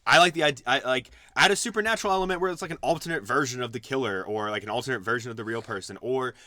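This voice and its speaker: A man co-hosting a casual podcast, rambling and animated, swearing casually as he thinks aloud. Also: medium pitch, very fast, no echo, clean studio sound. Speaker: podcast co-host. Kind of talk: casual chat.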